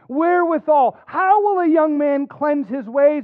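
A man preaching a sermon as a pastor, earnest, dropping soft and then rising to emphatic points. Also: very high voice, lively intonation, measured pace, hardly any pauses, no room sound. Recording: dry phone-like narrow sound.

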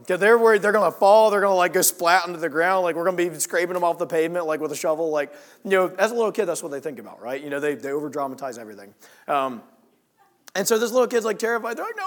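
A man preaching a sermon in a conversational, storytelling way, dropping to hushed lines and rising to emphatic ones. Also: on the high side, animated, quick pace.

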